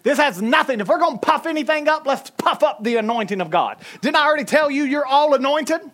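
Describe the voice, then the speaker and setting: A woman with a Southern US accent preaching a sermon, emphatic and humorous, swinging between loud and soft. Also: high-pitched, animated, fairly quick. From Southern United States.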